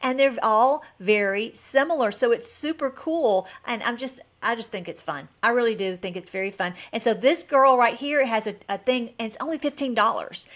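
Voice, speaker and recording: A woman's voice: fairly high pitch, fairly bright tone. A woman hosting her own channel, talking in an enthusiastic, rambling way with frequent restarts. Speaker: channel host. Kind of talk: casual vlog chat.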